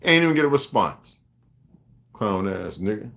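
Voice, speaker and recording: A man's voice: lowish voice, very animated, normal speed, gravelly, fairly bright tone. A man ranting on a livestream to his viewers, emphatic and profane, rambling and greeting chat viewers by name. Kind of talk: unscripted livestream rant.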